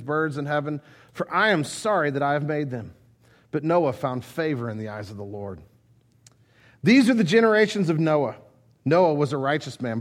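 Man pastor, casual sermon storyteller, fairly high voice. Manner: conversational, animated, many asides. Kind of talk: sermon, Bible reading and storytelling.

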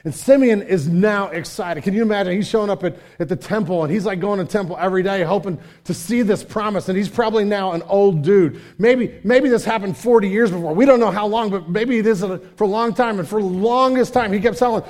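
A man preaching a casual, energetic sermon, full of slang and asides, sometimes dropping to a hushed tone. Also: high voice, a little fast, few pauses. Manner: drops to hushed intimate tone. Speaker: pastor.

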